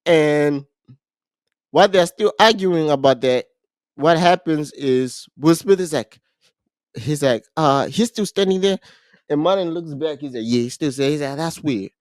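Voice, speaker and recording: A man with a somewhat high voice retells a movie plot on a casual podcast, animated and restarting his sentences often. The sound is dry and close. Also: measured pace, no room sound. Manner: animated storytelling with frequent restarts. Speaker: podcast co-host.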